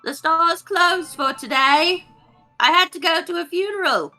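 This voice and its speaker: A woman's voice: very high-pitched, unhurried, pushed and bright, faint music behind, pitched above the performer's own voice, heavily acted, poor audio. Woman doing a nasal, throaty old elf shopkeeper. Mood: chirpy. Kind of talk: tabletop role-play voice.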